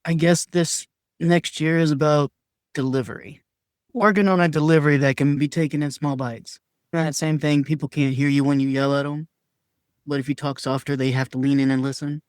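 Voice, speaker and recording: A man's voice: on the high side, steady tone, moderate pace, no room sound, clean studio sound. A man talking candidly as a podcast guest, earnest and emphatic, sometimes acting out his own past words in a raised voice. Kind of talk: candid conversational sharing.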